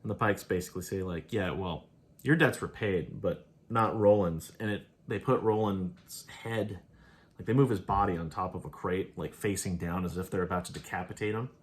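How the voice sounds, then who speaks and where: A show host with a low voice talks at a normal pace, casually recapping and reviewing an episode. He rambles, laughs often, and offhandedly paraphrases what the characters say.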